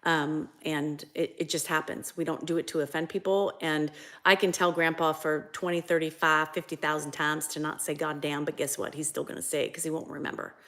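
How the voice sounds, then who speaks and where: Gravelly, low-voiced woman chatting on a livestream. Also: little pitch movement, a little fast, fairly bright tone. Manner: reads viewer comments aloud, laughs often, swears casually. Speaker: livestream co-host. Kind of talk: casual livestream chat.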